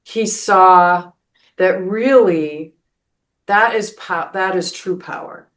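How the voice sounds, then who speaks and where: A woman's voice: fairly low pitch, slow. A woman pastor hosting a spiritual podcast, telling a story in an earnest way, with many restarts and "right?" asides.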